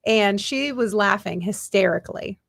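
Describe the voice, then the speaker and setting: A woman co-hosting a radio talk show, with a gravelly edge to her mid-range voice in a dry studio. She tells stories in an animated way and laughs often. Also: medium pitch, normal speed, no room sound.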